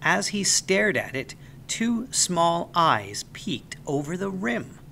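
Man with a bright, expressive storytelling voice. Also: sits high, takes it slowly, creaky, slight background noise. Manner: expressive, animated reading. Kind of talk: children's story read aloud.

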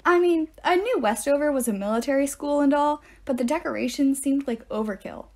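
A woman reading a novel aloud in an expressive way, with deadpan asides. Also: high voice, fairly quick. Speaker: narrator. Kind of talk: audiobook-style reading aloud.

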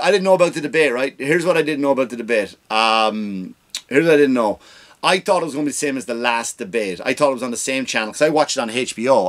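A man's voice: mid-range voice, fairly bright tone. A man hosting a comedy podcast, ranting and swearing freely, acting out the voices of people he quotes. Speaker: podcast host. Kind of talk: comedic rant.

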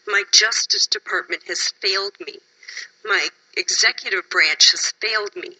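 A woman's voice: medium pitch, normal speed, pushed and bright, low-quality recording. A woman from Wisconsin giving emotional, insistent public testimony at a hearing, sounding tired.

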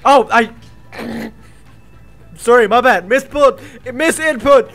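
A male streamer with a cold gives live gameplay commentary, joking giddily and swearing often. His voice sits high for a man and he talks at an unhurried pace. Faint music plays behind him. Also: fairly bright tone. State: has a cold.

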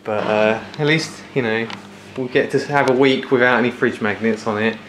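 A man's voice: mid-range voice, fairly even intonation, moderate pace, a bit bright. A man hosting a casual home vlog, chatty and teasing. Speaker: vlog host. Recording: echoey room with noise.

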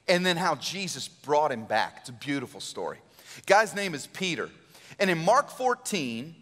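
A man preaches in a church with a lively, conversational delivery, slipping into quick acted-out quotes. His voice sits somewhat high and swings widely in pitch. The sound carries a long reverb from the sanctuary. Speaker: pastor. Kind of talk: Easter sermon.

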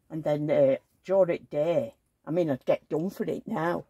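A woman's voice: low voice, moderate pace, mellow, breathy edge, dry recording, lo-fi sound. An older woman, telling rambling, chatty stories on her vlog. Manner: rambling, chatty storytelling with asides. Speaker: vlogger. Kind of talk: casual chat.

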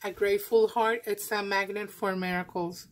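A woman vlogger unboxing craft mail, gushing and effusive, with halting speech and many restarts. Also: mid-range voice, fairly even intonation, rough recording. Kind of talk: casual happy-mail unboxing.

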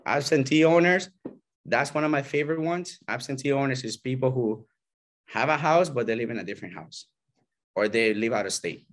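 A man's voice: mid-range voice, a little fast. Realtor man coaching a group casually. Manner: animated, acts out client and agent quotes; repeats "right?" and "you know?". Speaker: realtor teaching agents.

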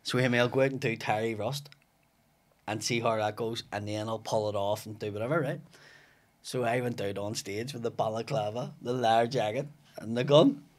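A man's voice: medium pitch, normal speed. A man with a Belfast accent, a comedian guest in a podcast studio, telling stories with lots of swearing and acting out each character's lines. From West Belfast, Northern Ireland. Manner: swearing, animated storyteller acting out dialogue. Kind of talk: casual podcast chat.

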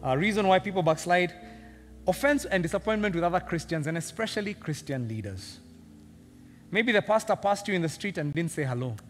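Animated Kenyan pastor in a reverberant hall. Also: male voice, high voice, brisk, faint music behind. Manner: animated and humorous, acting out characters, laughing often. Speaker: senior pastor. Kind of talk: sermon.

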